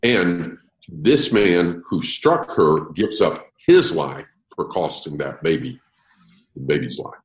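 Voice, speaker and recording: A man's voice: low-pitched, slow pace, echoey room, low-quality recording. A man leading an interactive Bible study, explaining verses and putting questions to his group. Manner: lively, asks the group questions. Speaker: Bible teacher.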